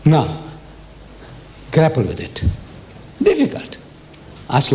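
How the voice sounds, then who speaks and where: Older man, from South Africa, lecture, animated, emphatic, rather high voice. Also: normal speed, a little hiss or hum. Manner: emphatic, animated storytelling with questions to the audience. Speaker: religious lecturer. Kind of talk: public lecture.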